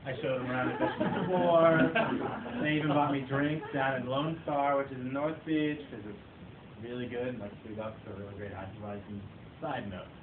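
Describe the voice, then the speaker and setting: A man delivers a comic speech to a seated audience and pokes fun at himself as he tells his stories. His voice sits at an ordinary pitch. The recording is thin and distant, with room echo and steady noise behind it. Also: moderate pace. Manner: self-mocking storyteller, playful. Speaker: club speaker. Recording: tinny echoey far-off recording, noisy.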